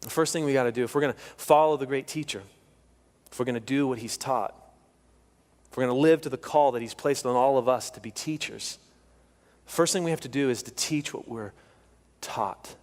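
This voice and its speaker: A man's voice: mid-range voice, brisk, darkish tone, big-room sound. A male pastor preaching a sermon, emphatic and repeating his key phrases. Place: church sanctuary.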